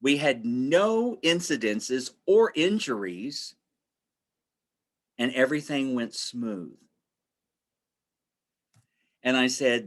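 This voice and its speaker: A man's voice: mid-range voice, animated, slow pace, pauses often, fairly bright tone. A man presenting a webinar in a conversational, storytelling way, repeating phrases for emphasis and acting out the voices of people he quotes.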